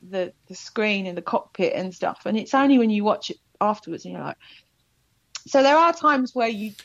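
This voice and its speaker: Woman guest, chatty and animated, dry slightly muffled sound. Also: mid-range voice, moderate pace, creaky, no echo. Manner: chatty, animated storytelling with laughs. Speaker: actor guest. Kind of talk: casual interview chat.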